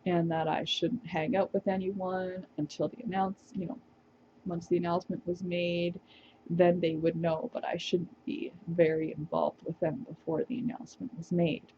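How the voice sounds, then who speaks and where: A woman's voice: fairly low pitch, little pitch movement, normal speed, warm tone, dull audio, a little hiss or hum. A woman vlogger telling a personal story to the camera, reflective and hesitant, with small laughs.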